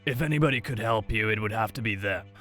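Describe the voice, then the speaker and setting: A man voicing a frail old man with a scratchy voice who speaks slowly and vaguely in a horror story. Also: fairly low pitch, pushed and bright, faint music behind. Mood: helpful.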